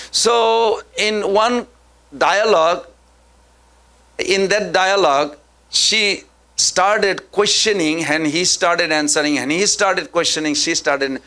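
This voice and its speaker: Male preacher, slightly high-pitched, lively storytelling lecture full of questions. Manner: animated storyteller, asks the audience questions.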